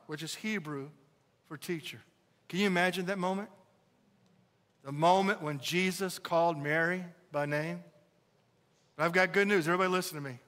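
A man's voice: on the high side, a little slow, pauses often, pushed and bright, in a large hall. A middle-aged male pastor preaching a sermon, building emphasis and asking the congregation rhetorical questions.

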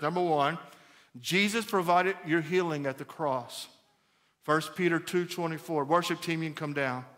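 A middle-aged man preaching a sermon as pastor, animated and conversational, repeating phrases for emphasis. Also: a little high.

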